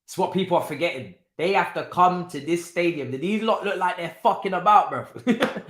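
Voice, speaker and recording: A young man hosting a casual live football watchalong, talking in an animated, repetitive way with lots of slang and laughter. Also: high-pitched, moderate pace. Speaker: watchalong host. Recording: roomy echo.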